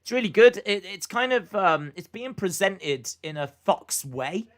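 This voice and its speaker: A man's voice: high voice, expressive, measured pace, a bit bright. Chatty man reacting live. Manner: chatty, thinking aloud with many fillers. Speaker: live stream host reacting to wrestling. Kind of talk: casual live reaction commentary.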